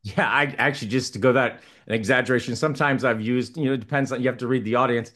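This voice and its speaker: A man's voice: medium pitch, steady tone, quick pace, fairly bright tone. A male mediator speaking casually on a panel, telling stories and acting out quoted exchanges. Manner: anecdotal, acts out quoted exchanges. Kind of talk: casual discussion, telling a joke.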